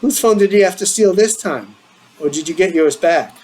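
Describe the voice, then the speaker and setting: A man's voice: normal speed, a little hiss or hum, lightly acted, rough recording. Man voicing a playful, needling teen boy; lift the voice up from your own. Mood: teasing. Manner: playful, needling, higher and brighter than his own voice. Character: teasing eager teenage boy leaving for college.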